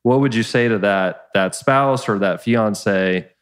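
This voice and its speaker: A man's voice: lowish voice, slow, smooth. A man hosting a podcast, asking his mother long, searching questions with many restarts. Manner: thoughtful, rambling questions with restarts. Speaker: podcast host. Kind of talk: interview questions.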